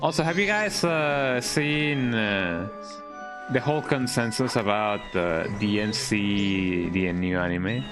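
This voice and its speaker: A man's voice: fairly low pitch, slow pace. A man streaming a game, rambling and joking in casual commentary and tagging lines with "eh?". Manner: rambling, jokey, with tag-question "eh?". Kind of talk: casual live-stream commentary while playing. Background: game music.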